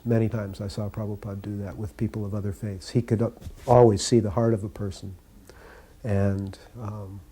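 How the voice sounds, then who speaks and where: A man calmly telling stories from his years as a devotee, recounting memories in an unhurried way. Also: on the low side, slightly rough. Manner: calm, unhurried anecdote telling. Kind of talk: reminiscing storytelling.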